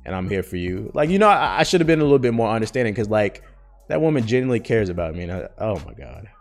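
A man's voice: mid-range voice, very animated, racing, soft background music. A man in his thirties hosting a podcast, rambling and cursing freely as he vents in a candid, emotional way. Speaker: podcast host. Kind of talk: casual podcast monologue.

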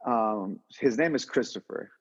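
Husky-voiced man telling a rambling story. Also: medium pitch, unhurried, big-room sound. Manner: animated, rambling, lots of restarts and slang. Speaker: interview guest, entrepreneur. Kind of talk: casual storytelling. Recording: dull lo-fi audio.

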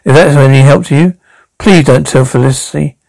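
A man's voice: mid-range voice, brisk, vocal fry, a little mellow, no echo, close to an everyday voice, rough recording. Man playing an evasive male suspect. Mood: defensive.

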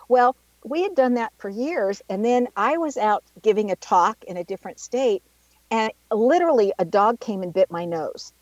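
A woman radio host chats warmly with her guest, telling anecdotes and laughing easily. Her voice sits mid-pitch. The sound is dry, close and a little dull, like a lo-fi studio line. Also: no echo. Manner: chatty, tells personal anecdotes, laughs easily. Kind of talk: casual radio interview.

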